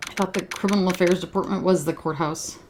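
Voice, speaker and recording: A woman giving wry, low-key commentary asides while playing through a game. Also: fairly even intonation, quick pace, background noise. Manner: wry asides, lower and softer than the character reads. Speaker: let's play narrator. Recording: game music behind voice.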